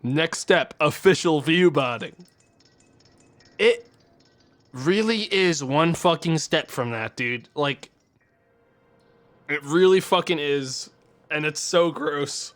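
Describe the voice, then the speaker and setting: Bright-voiced man in a profane streamer rant. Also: a little high, animated, slow pace, pauses often, faint music behind. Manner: profane, exasperated ranting. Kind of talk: angry live-stream rant.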